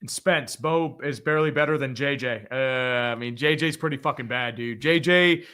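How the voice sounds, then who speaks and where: A man with a mid-range, pushed, bright voice and clean audio hosts a casual live reaction stream. He reads out viewer donations and fires off quick, blunt, profane opinions, laughing often.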